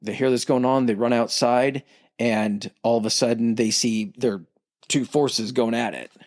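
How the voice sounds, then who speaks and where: A man casually retelling a myth on a podcast, swearing freely and slipping into quick character voices. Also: mid-range voice, fairly even intonation, darkish tone, no echo, clean studio sound. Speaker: podcast co-host. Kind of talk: casual storytelling chat.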